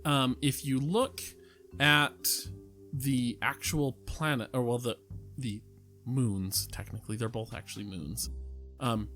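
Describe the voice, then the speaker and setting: A man with a mid-pitched voice chatting on a podcast, with light music faint in the background. He states his views bluntly and often laughs while arguing a point. He sounds relaxed and unscripted. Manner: blunt and opinionated, quick to laugh. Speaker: podcast co-host. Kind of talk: casual chat.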